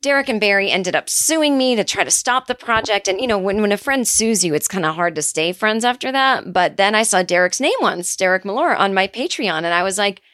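A middle-aged woman hosting a comedy podcast, telling an absurd story in a casual, deadpan way with quick asides. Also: mid-range voice, no room sound, studio quality.

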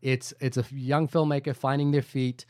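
A man's voice: medium pitch, flat delivery, normal speed, a little mellow, dry recording, clean studio sound. A man co-hosting a film podcast, talking casually and thinking aloud in a rambling, jokey way. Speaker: podcast co-host.

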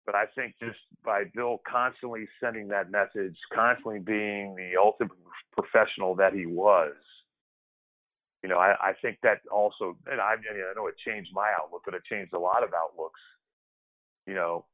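A man's voice: on the low side, fairly even intonation, normal speed. A man reminiscing as an interview guest, in a loose conversational way with frequent restarts. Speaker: guest, former pro basketball player. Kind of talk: casual storytelling interview. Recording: tinny phone-like line.

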